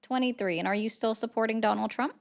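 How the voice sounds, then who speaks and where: A woman's voice: on the high side, quick pace, creaky. A woman hosting a live stream and taking callers, chatting in a self-deprecating, rambling way. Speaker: livestream host taking callers. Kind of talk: casual livestream chat.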